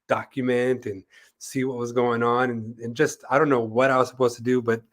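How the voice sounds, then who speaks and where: A man's voice: mid-range voice, level tone, fairly quick, fairly bright tone. A man co-hosting an interview show, telling a long story in casual chat, rambling with many fillers and acting out the voices of people he quotes. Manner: rambling, full of "like" and "you know", acts out quoted voices. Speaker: co-host.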